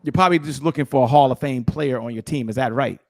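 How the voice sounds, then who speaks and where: A middle-aged man giving an energetic, emphatic motivational talk on sales as a guest speaker, repeating his key phrases. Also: medium pitch, quick pace, dry recording, clean studio sound.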